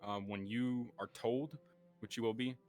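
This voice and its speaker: A man acting as game master, giving halting, casual instructions to players in a roleplay session. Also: medium pitch, fairly even intonation, darkish tone. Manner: halting, with many fillers and restarts.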